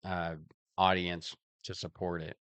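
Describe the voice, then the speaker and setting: Easygoing man with a low, smooth voice. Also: monotone, measured pace, fairly bright tone, no echo. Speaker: podcast co-host. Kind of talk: casual chat.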